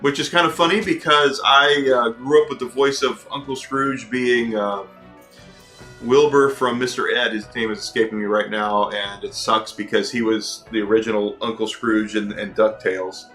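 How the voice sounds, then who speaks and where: Bright-voiced chatty gaming host. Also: male voice, mid-range voice, steady tone, moderate pace, faint music behind. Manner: chatty, reads and answers chat. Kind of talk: let's play commentary.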